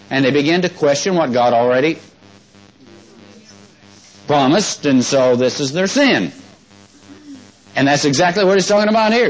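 A man's voice: a little high, lively intonation, fairly quick, low-quality recording. A man preaching a sermon, folksy and conversational, often asking the congregation questions and having them repeat words back. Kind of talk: sermon with congregation call-and-response.

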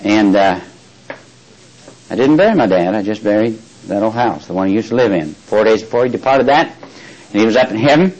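A man's voice: on the low side, animated, fairly quick, long pauses, a little mellow, rough recording. An older man preaching a folksy sermon, often asking his listeners questions and reading scripture aloud. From Texas.

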